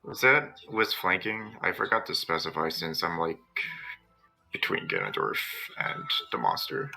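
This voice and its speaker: A man playing a tabletop game, thinking aloud slowly about moves and rules. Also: low voice, wildly swooping pitch, vocal fry, bright, forceful tone, faint music behind. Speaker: player.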